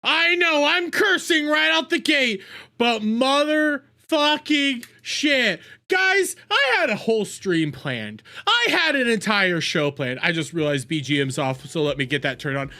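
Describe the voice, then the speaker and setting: A woman hosting a livestream, ranting in an exasperated, animated way with heavy swearing, on a desk mic at home. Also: fairly high pitch, a little slow. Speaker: livestream commentary host. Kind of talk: casual livestream rant. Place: home streaming room. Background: faint background music.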